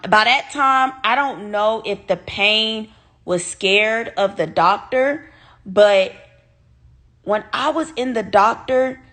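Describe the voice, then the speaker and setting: A young woman speaking tells a personal story on a livestream. She talks straight to her viewers in a casual, animated way, swearing freely. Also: medium pitch.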